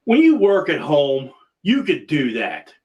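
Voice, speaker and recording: A man's voice: fairly high pitch, huge pitch swings, a little slow, darkish tone, highs cut off. A man hosting a casual video-call chat, rambling and restarting his sentences often. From Pennsylvania. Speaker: podcast host.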